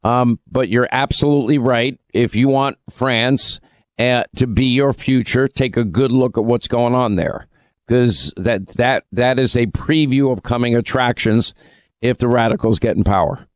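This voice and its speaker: A man's voice: medium pitch, unhurried, clear, resonant tone, dry recording. A man hosting a talk radio show, giving emphatic, opinionated commentary and taking calls.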